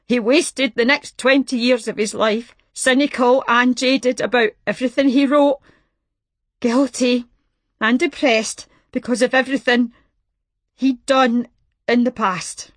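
A woman's voice: fairly high pitch, steady tone, no echo, pitched above the performer's own voice, natural voice. A woman reading aloud, voicing a desperate middle-aged male caller who chokes out his words between sobs. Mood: grieving. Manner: crying, halting between sobs. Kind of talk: audiobook reading.

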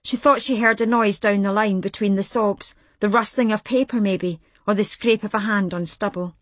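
A woman narrating a novel in an even, measured reading voice. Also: mid-range voice, dry recording. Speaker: audiobook narrator. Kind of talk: scripted narration.

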